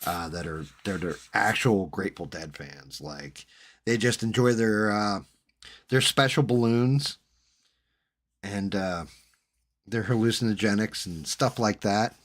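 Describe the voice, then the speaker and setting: Husky, profane New man. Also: lowish voice, unhurried. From New Jersey. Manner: profane, rambling storytelling. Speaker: hobbyist host. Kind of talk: casual chat while working.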